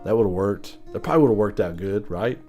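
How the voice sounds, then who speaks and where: Animated male host, lowish voice, casual swearing rant over quiet guitar. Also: fast. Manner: animated, swears freely, mimics mumbling voices. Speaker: channel host.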